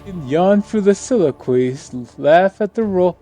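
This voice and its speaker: A man's voice: high-pitched, expressive, moderate pace, dark tone, faint music behind, pitched above the performer's own voice. A man voicing a haughty, theatrical nobleman who mocks and teases in an arch, flamboyant manner while reading game dialogue aloud. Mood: mocking theatrical.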